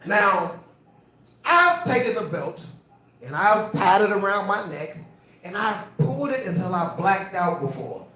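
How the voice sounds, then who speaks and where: A man's voice: high voice, big pitch swings, measured pace, pushed and bright. A man doing a stand-up routine on a comedy club stage, telling loose, profane stories and repeating his lines. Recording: echoey live venue.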